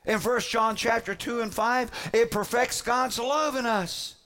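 A pastor with a notably high voice preaches emphatically to his congregation, using dramatic pauses and repeated phrases to press each point. His tone is bright and forceful, with fairly even intonation.

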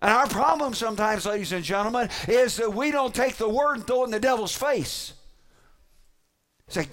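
A man delivering a sermon as a pastor, preaching emphatically with dramatic pauses and repetition. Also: very high voice, expressive, fairly bright tone.

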